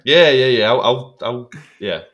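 An actor guesting on a podcast, chatting about a film with enthusiasm and many repeated words and restarts. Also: male voice, medium pitch, unhurried, a bit bright, muffled recording. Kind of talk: casual film-discussion chat.

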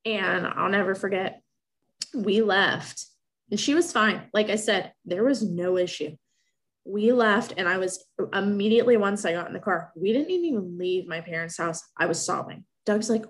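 Telling a personal story at a normal speed, this young woman sounds casual and chatty. Emotion creeps in as she wanders off track and keeps starting her sentences over, all at an ordinary mid-range female pitch.

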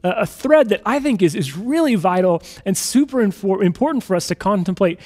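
A man preaching a sermon in a conversational, animated storytelling manner. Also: high-pitched, fairly quick. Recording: hall reverb.

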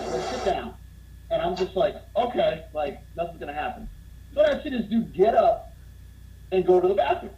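A man telling a funny bar story in casual conversation, getting more animated as he goes. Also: brisk, muffled recording. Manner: animated, gets louder and higher as the story builds.

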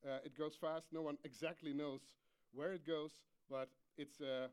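A man's voice: fairly high pitch, little pitch movement, normal speed, clean tone. A man giving a conference presentation, hesitant with many fillers and a light humor. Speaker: conference speaker.

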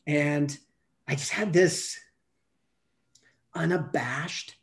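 A man's voice: on the high side, very slow, creaky. A man in his fifties guests on a podcast as a coach. He tells long stories in a loose, rambling way, full of fillers and restarts. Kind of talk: casual storytelling interview.

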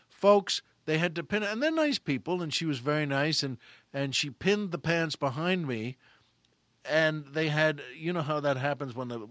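A man telling a comic story, animated and acting out the voices of the people in it. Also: fairly high pitch, no echo.

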